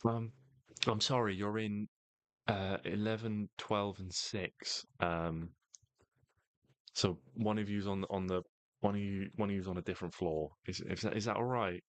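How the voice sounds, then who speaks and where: A man's voice: fairly low pitch, steady tone, measured pace, dry recording, natural voice. A man voicing a young, nervous, clumsy male tiefling barhand who stammers out flustered apologies. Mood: apologetic.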